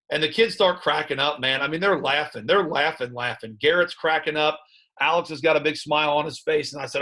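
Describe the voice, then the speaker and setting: A man who coaches high school football, breaking down game film in conversation and telling animated stories about his players and staff. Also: fast talker. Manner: animated storyteller recounting sideline moments; plain coaching talk about play calls.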